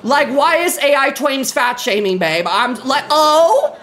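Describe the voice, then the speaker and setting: A young woman streaming live, loud, profane and excitable, talking to her chat. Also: high-pitched, a little slow. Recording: music playing under the stream. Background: background music.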